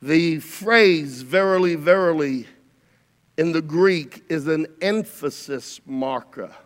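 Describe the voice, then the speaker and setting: A man preaching a sermon as pastor, swinging between shouted climaxes and hushed, quiet passages. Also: on the high side, takes it slowly, big-room sound.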